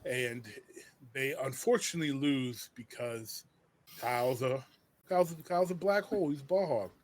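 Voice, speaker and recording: A man hosting a casual podcast, joking about a film with many quick restarts. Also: mid-range voice, a little mellow. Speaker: podcast host.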